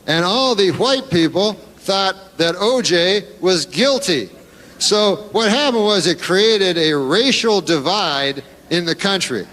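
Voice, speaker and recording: A middle-aged man delivering stand-up in a flat, deadpan way. His voice sits a little high for a man. He rambles and stops himself with halting asides. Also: slight background noise. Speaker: stand-up comedian. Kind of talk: stand-up routine.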